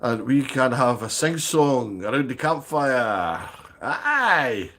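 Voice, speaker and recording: A man's voice: medium pitch, big pitch swings, takes it slowly, a bit bright. A man hosting a live stream, chatting casually and bantering with viewers by name. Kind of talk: casual livestream chat reading viewer comments.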